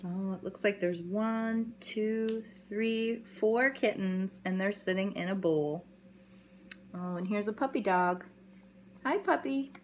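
A woman educator reading a picture book aloud to young children, telling the story gently and expressively and adding sound effects. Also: medium pitch, steady tone, takes it slowly, a little hiss or hum.

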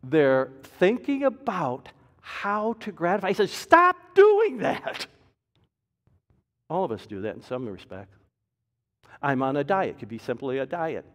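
A man preaching a sermon as pastor, with a dynamic delivery that swings from loud emphasis to soft, low asides. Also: sing-song, normal speed. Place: church sanctuary. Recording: reverberant church hall.

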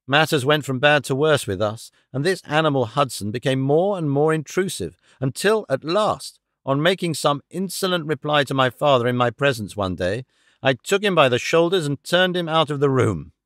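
A man narrating a classic story as an audiobook reader, with a measured storytelling delivery. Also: fairly high pitch, fairly bright tone, no echo, clean studio sound. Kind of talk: scripted narration.

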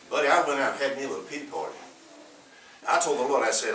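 Older Southern pastor preaching, echoey. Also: male voice, medium pitch, lively intonation, fast talker, pauses often, a bit bright, slight background noise. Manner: folksy storytelling, rambling with many fillers. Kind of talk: sermon. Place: church. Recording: echoey room from a distance.

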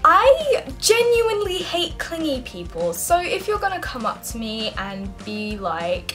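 A young woman from England chats to camera in a bright, high voice that swoops up and down. She giggles often between points. Faint music sits under her talk. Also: very animated, a little slow, few pauses. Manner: giggly, bubbly, breaks into frequent laughs. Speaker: vlogger.

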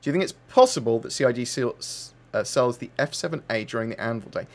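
A man's voice: mid-range voice, animated, quick pace, faint music behind. Chatty man hosting a livestream. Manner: rambling, reads out viewer questions, chatty with lots of fillers. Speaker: livestream host. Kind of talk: casual livestream Q&A.

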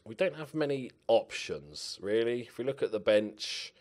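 A man's voice: mid-range voice, very animated, normal speed, a little mellow. A young man playing a football management game, muttering to himself and swearing at his players as he comments. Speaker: gaming channel host.

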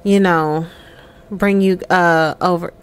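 Woman voicing a young game character: nervous, apologetic, halting delivery. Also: lowish voice, steady tone, smooth, voice pushed down. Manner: hesitant, apologetic.

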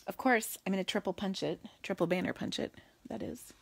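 A woman's voice: mid-range voice, a little fast, creaky, husky. A woman hosting a casual live card-making demo, chatty and goofy, talking to viewers and muttering to herself as she works.

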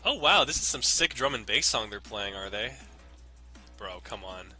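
A man's voice: lowish voice, animated, moderate pace, pushed and bright. A young man casually commenting on his gameplay in a rambling, jokey way, swearing often. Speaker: let's play host. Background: faint game music.

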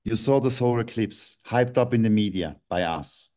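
A man's voice: fairly low pitch, normal speed, warm tone. A man, a guest on a video call interview, ranting angrily, swearing and breaking into sudden outbursts. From Switzerland.

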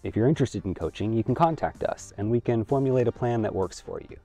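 A young adult man, an acting coach, giving scripted instructional narration in a clear, measured, lightly playful tone. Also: medium pitch, lively intonation, mellow, faint music behind.

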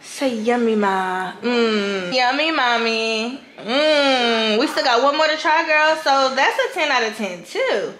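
A young mother with a lilt coos softly to her baby, drawing out every word very slowly. Her voice sits high. It is recorded in an echoey room at home, with clear household noise underneath. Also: expressive. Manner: cooing baby talk, slow and soothing. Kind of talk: home vlog, talking to a baby. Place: home kitchen with a TV on.

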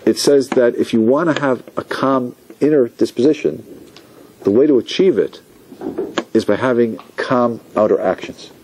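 At normal speed and medium pitch, with noise in the background, this rabbi delivers a Torah lecture. He is animated, voicing the people in his examples, quoting them and playing out what they're thinking.

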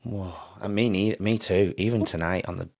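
A woman's voice: a bass voice, moderate pace, gravelly, a little mellow, husky. A woman hosting an interview in casual chat, asking short follow-up questions. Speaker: host.

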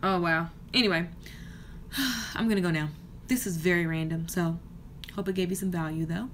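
A woman in her thirties talks straight to camera from a hotel room with a bright, forceful voice. She rants in a fired-up, passionate way, like a coach pushing her viewers. A faint hum sits under her. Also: lowish voice, moderate pace. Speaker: hair stylist and business coach. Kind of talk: casual vlog rant to camera.

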